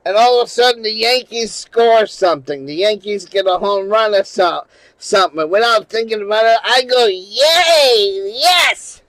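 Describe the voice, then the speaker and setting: A man's voice: sits high, brisk, a bit bright, dry recording, low-quality recording. A man hosting his own channel, telling a rambling, profane story in casual chat, laughing often and restarting his sentences. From New England. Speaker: channel host.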